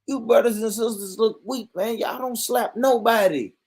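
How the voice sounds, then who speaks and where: On his vlog, a man with a very high, husky voice goes on a profane, comedic tirade at a normal pace. He's animated throughout, cursing heavily and breaking into frequent laughter.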